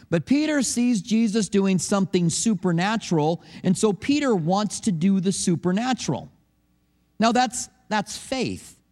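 A man's voice: high voice, animated, normal speed. A middle-aged man, a pastor, giving a sermon in a church service in a conversational, storytelling way with acted quotes.

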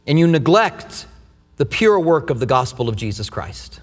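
A middle-aged man preaching a sermon, telling stories with humor in an animated way. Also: on the high side, moderate pace. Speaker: pastor. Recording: long hall reverb.

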